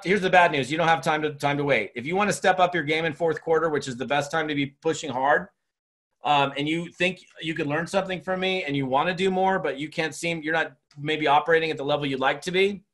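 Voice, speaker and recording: A man in his fifties delivers a motivational training talk, his voice sitting a little on the high side. He rattles through stories with lively energy, stumbling into quick restarts as he goes. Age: 50s. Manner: energetic storytelling, chatty with many restarts. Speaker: network marketing speaker and trainer. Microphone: webinar recording.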